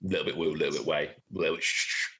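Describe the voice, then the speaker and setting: A man acting as game master, explaining the rules of a tabletop game in a relaxed, chatty way. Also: a bass voice, very fast. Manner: relaxed, explanatory, chuckles at own jokes.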